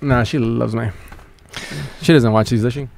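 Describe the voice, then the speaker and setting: A young man hosting a podcast, an animated storyteller who often repeats his words. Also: medium pitch, moderate pace, creaky. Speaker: podcast host. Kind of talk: casual chat.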